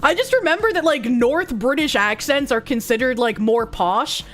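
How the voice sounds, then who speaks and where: A woman's voice: sits high, animated, moderate pace, fairly bright tone. A young woman streaming a guessing game, thinking aloud, laughing often and swearing freely. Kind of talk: casual live-stream commentary while playing a guessing game. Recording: faint music behind the voice.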